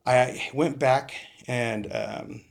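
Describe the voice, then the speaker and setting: A man's voice: medium pitch, steady tone, very slow, gravelly. A middle-aged man from California, a retired police captain, telling rambling stories in a casual interview, swearing and acting out what people said. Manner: rambling, swears, acts out quoted lines.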